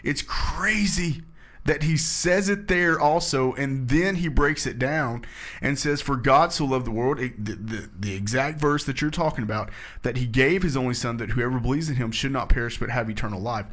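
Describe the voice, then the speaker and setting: A man's voice: medium pitch, normal speed, fairly bright tone. A man leading a casual scripture discussion, reading verses aloud and explaining them in an earnest, emphatic way. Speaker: Bible study discussion leader.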